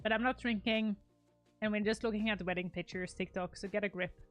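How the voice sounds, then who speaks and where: A woman's voice: medium pitch, fairly even intonation, fairly quick, faint music behind. A young woman chatting casually on a live stream, gushing and rambling as she shows her wedding photos, laughing often.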